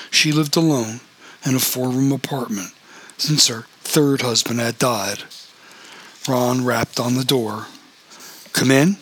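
Bright, husky male narrator. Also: mid-range voice. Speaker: audiobook narrator. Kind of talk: audiobook reading.

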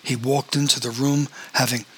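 Male narrator, audiobook, steady, bright tone, husky edge. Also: medium pitch, moderate pace, low-quality recording.

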